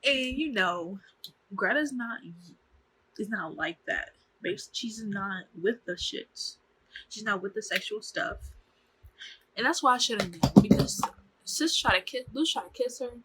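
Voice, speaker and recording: A young woman vlogger recaps a TV show to camera in a casual, chatty, slangy way, animatedly acting out the characters' lines. Her mid-range voice is unhurried with a breathy edge, and the audio quality is poor.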